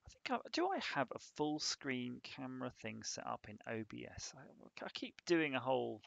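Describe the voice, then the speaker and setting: A man's voice: medium pitch, very animated, moderate pace, gravelly, a bit bright, highs cut off. A man on a casual live stream, rambling and joking while he thinks aloud about a hardware design.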